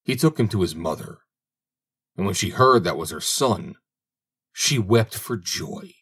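A man narrating an old fairy tale as an audiobook reader, in a measured, expressive way. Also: low-pitched, husky. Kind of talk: storybook narration.

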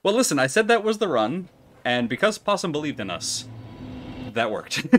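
A man doing live commentary while playing a video game, excitable, swearing and talking to himself. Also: a little high, normal speed, slight background noise.

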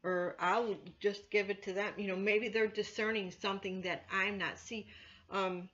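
Woman church elder, casual Bible teaching, bright voice, filler-heavy, dull lo-fi sound. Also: mid-range voice, fairly even intonation, moderate pace. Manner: conversational, many "you know" fillers, earnest. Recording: dull lo-fi recording.

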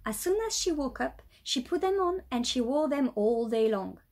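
A woman teacher reading a children's storybook aloud, with a light British accent, in a lively storytelling way. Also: sits high, moderate pace. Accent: British English.

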